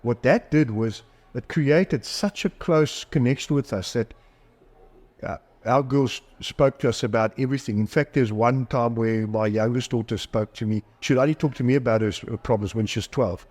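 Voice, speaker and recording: This is a middle-aged psychologist and author speaking at normal speed in a mid-range, slightly mellow voice. Interviewed on a podcast, he candidly recounts stories about himself, poking fun at himself and performing the voices of others.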